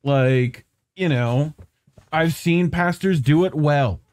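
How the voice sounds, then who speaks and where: A man co-hosting a casual political commentary podcast, talking in a chatty way with quick asides and casual swearing. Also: a little high, a little mellow. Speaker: podcast co-host.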